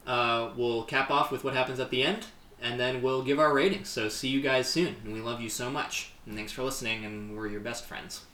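A man's voice: medium pitch, steady tone, bright, forceful tone. Rambling man in an echoey room. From upstate New York. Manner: rambling, halting, many fillers and restarts. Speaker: podcast co-host. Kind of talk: casual chat.

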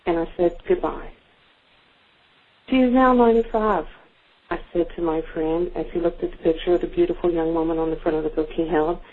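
An older woman reading her own story about her mother aloud, gentle and unhurried, with a few fillers. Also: on the low side. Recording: narrow phone-like sound.

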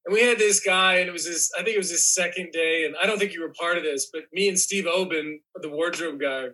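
A man's voice: a little high, fast talker, pushed and bright, poor audio. A man on a podcast as a guest, talking casually in a rambling way, restarting sentences and saying "like" a lot. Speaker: guest actor. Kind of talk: casual chat.

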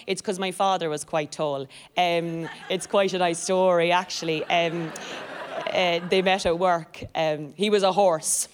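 A woman with an Irish accent performing a stand-up comedy set on stage before a live audience, talking quickly and breaking into loud squeals. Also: on the low side. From Ireland.

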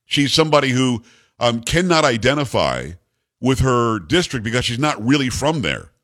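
A man hosts a call-in radio show with a blunt, opinionated delivery and is quick to push back on callers. He is from Long Island. His voice sits at a middle pitch, recorded dry and close in the studio with no room echo. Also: very animated, fairly bright tone. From Long Island, New York. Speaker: radio talk show host. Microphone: studio microphone.

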